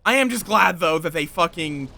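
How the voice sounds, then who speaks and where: A man's voice: fairly high pitch, animated, normal speed, creaky, pushed and bright, a little hiss or hum. A man casually streaming a game, rambling playfully, joking at his own expense and chatting with viewers. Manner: rambling, playful, self-deprecating, chats with viewers. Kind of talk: casual livestream chat over gameplay.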